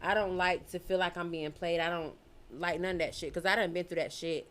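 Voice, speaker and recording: A woman's voice: lowish voice, fairly even intonation, brisk, fairly bright tone. A young adult woman speaking as a podcast guest in casual chat, candid and emphatic, with plenty of profanity.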